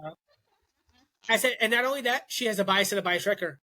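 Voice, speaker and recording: A man's voice: sits high, fast. A young man co-hosting a podcast, telling a story in casual chat and acting out the voices of the people he quotes. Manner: animated, acts out quoted voices. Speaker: podcast co-host.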